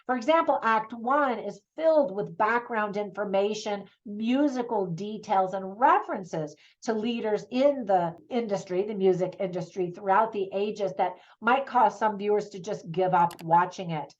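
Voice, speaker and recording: A woman's voice: medium pitch, moderate pace, few pauses. Chatty middle-aged lady reviewing a film, upbeat, kinda muffled lo-fi audio. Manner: enthusiastic, chatty, laughs at her own asides. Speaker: movie reviewer. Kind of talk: scripted movie review.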